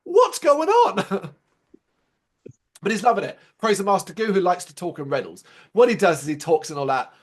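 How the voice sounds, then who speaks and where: A man co-hosting a casual review podcast, talking in an animated, sarcastic way and swearing freely. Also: high-pitched, moderate pace. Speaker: podcast co-host.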